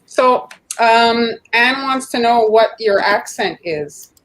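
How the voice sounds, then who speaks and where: A woman's voice: on the high side, slow pace, fairly bright tone, a little hiss or hum. A woman co-hosting a casual livestream, asking questions and rambling a bit. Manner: asks questions, rambling fillers. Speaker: livestream co-host.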